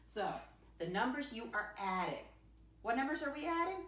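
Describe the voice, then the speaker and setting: A woman's voice: a little high, big pitch swings, a bit bright. Sing-song teacher woman in a roomy space. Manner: sing-song teacher voice, spells words slowly letter by letter. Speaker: first-grade teacher. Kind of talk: teaching a lesson to young children. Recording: roomy sound with the mic at a distance.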